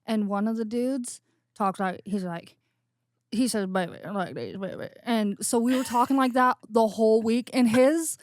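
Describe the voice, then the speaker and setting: Brief: woman co-host, animated storyteller, dry close-mic sound. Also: fairly high pitch, a little slow, dry recording. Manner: animated storyteller, does silly voices. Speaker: podcast co-host. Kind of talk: casual chat.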